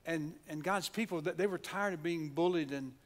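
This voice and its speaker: A man's voice: on the high side, moderate pace. A man with an Oklahoma accent preaching a sermon in a church, speaking earnestly with frequent restarts and repeated words. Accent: Oklahoma, Southern US. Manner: earnest preaching with frequent restarts, leads the congregation in call-and-response. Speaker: pastor. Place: church sanctuary.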